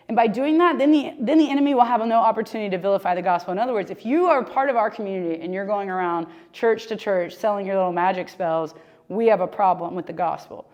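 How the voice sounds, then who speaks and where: A woman leading a casual church Bible study discussion, talking in an animated, conversational way full of "like.". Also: medium pitch. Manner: animated, conversational, heavy use of "like".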